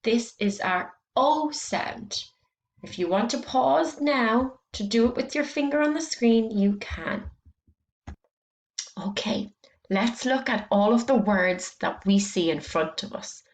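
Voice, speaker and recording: Woman teacher doing phonics for little kids, really slow, voice goes up and down a lot, echoey room. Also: a little high, animated. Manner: slow, clear, encouraging, stretching out sounds. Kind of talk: phonics lesson for young children.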